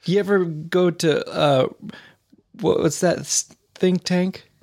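A man's voice: sits high, fairly even intonation, takes it slowly, creaky, a little mellow. A man co-hosting a comedy podcast in casual banter, playful and full of wordplay. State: talking while eating. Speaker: podcast co-host.

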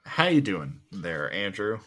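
A young man co-hosting a podcast in casual chat, telling a story in an animated, blunt way and cursing freely. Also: sits low, measured pace. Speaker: podcast co-host.

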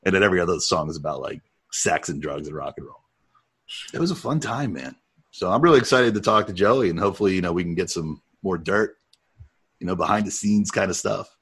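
A man co-hosting a podcast, chatting casually and telling animated stories with frequent laughter. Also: low-pitched, a little fast, breathy edge. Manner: storytelling, animated, laughs often. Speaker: podcast co-host. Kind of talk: casual chat.

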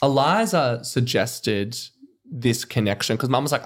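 Animated young male podcast host. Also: medium pitch. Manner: animated, self-mocking, quick laughs. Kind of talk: casual chat.

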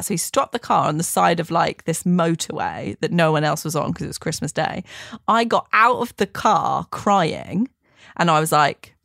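Woman host, lower register, gravelly edge, chatty storyteller. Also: moderate pace, fairly bright tone, no room sound, studio quality. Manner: chatty, laughs while telling stories. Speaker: podcast host. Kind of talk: casual chat, storytelling.

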